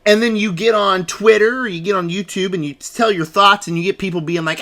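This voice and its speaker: A man's voice: sits high, normal speed, hardly any pauses, pushed and bright. A man talking through a casual film review at his desk, emphatic and ranting, repeating words for stress. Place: home desk.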